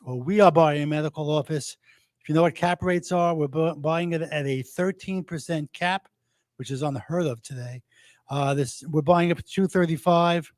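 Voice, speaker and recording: A man's voice: a little high, a little mellow, no room sound. A man with a New Jersey accent giving a brash, wry self-introduction into a handheld mic at a networking meetup. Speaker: real estate broker and investor. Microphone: handheld microphone passed around.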